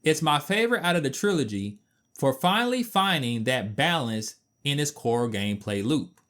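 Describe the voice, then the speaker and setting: A man narrating a scripted game review voice-over, animated and playful, with mock-outraged asides. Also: medium pitch, normal speed.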